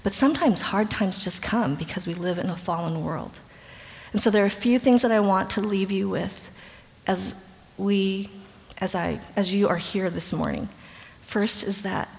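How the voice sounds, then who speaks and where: Woman giving testimony sermon, gravelly edge, earnest storytelling, long hall reverb. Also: medium pitch, normal speed. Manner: earnest storytelling, drops to a hushed whisper at tender moments. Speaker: speaker at a Christian gathering.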